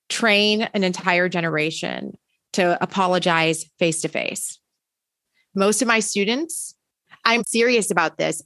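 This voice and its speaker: A woman's voice: medium pitch, fairly bright tone, no echo. A woman who teaches college, answering in a podcast interview with earnest, emphatic storytelling.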